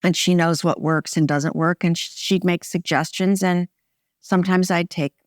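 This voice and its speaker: Low-voiced woman, wry and relaxed. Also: normal speed, no room sound, clean studio sound. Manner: relaxed, wry, speaks in short phrases with restarts. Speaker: film director being interviewed. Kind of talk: casual interview conversation.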